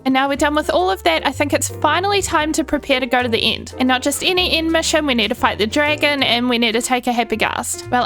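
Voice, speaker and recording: A woman's voice: high-pitched, a bit bright. A young woman giving bubbly, chatty gameplay commentary, cooing at the animals in her game. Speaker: Minecraft YouTuber. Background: faint background music.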